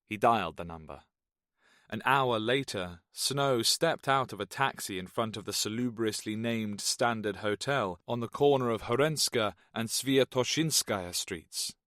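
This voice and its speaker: Casting: male audiobook narrator, steady thriller reading, dry close recording. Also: lowish voice, unhurried, dry recording. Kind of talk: scripted narration.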